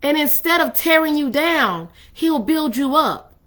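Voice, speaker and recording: A woman's voice: sits high, lively intonation, a little slow, a bit bright. A woman hosting a faith-based talk on love and relationships, speaking in a conversational, emphatic, preacherly way. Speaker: ministry host.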